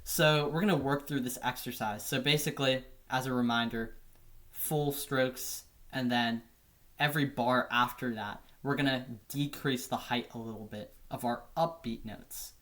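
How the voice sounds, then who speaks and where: Relaxed man teaching drum technique. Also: medium pitch, normal speed. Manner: relaxed, repeats "right?" often. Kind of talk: casual instructional explanation.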